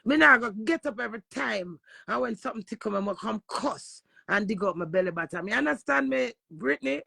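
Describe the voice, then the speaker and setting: Jamaican woman streamer, gravelly, dry close phone sound, brash live rant. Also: on the high side, lively intonation, fairly quick, sharp tone, no echo. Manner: brash, swearing, talks back to viewers.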